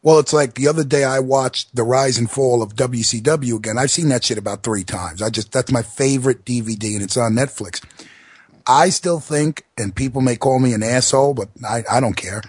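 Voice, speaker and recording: Husky male co-host, blunt. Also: mid-range voice, fairly quick, no room sound. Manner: blunt, profane opinions. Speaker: radio show co-host. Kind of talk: casual chat.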